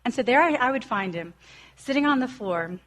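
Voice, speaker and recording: A woman's voice: on the high side, animated, a little fast. Woman in her forties, earnest storyteller sharing a recovery story, slips into the voices of the people she quotes. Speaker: recovery speaker. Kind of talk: personal recovery talk.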